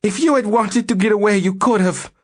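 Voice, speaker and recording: A man voicing a shrill, furious wife who talks in a high, sped-up way. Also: fairly quick. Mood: shrill fury.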